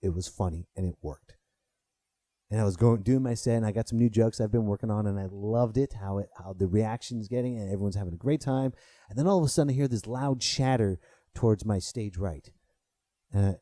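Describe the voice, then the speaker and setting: A man's voice: on the low side, no room sound, clean studio sound. A man in his thirties, a stand-up comic hosting a podcast, telling a story in a casual monologue and swearing freely as he gets riled up. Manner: animated, swearing, rises sharply when riled. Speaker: podcast host and stand-up comedian.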